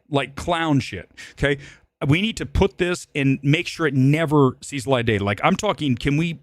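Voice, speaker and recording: A man hosting a live-stream movie show, ranting animatedly with swearing and sudden loud, high-pitched outbursts. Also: no echo. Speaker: film critic and show host.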